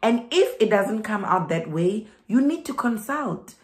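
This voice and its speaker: A woman's voice: mid-range voice, sing-song, a little slow, echoey room. A young South African woman with a South African accent giving migration advice in a chatty vlog, laughing and repeating herself for emphasis.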